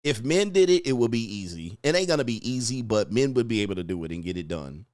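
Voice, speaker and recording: A man's voice: mid-range voice, very animated, fast talker, a little mellow, no echo, studio quality. A man hosting a casual commentary show, talking bluntly and profanely and acting out quotes in other voices. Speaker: relationship commentator and host. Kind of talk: casual commentary reacting to clips.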